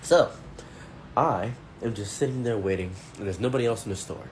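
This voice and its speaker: A man's voice: lowish voice, normal speed, a little mellow, a little hiss or hum. A man narrating a first-person story in a blunt, indignant, conversational way.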